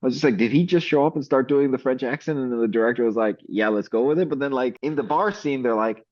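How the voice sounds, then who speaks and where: Animated man on a dull lo-fi mic. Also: medium pitch, quick pace. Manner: animated, laughing, acts out scenes with quoted voices. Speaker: co-host of a movie review show. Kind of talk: casual movie review chat.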